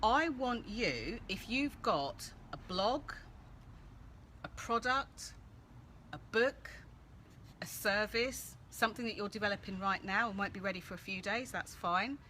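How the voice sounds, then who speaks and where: A woman hosting a casual live-stream Q&A, chatty and animated, greeting viewers by name as she gives coaching tips. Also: medium pitch, a little slow. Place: outdoors-adjacent room with street noise. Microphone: phone or laptop live stream. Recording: faint background street noise.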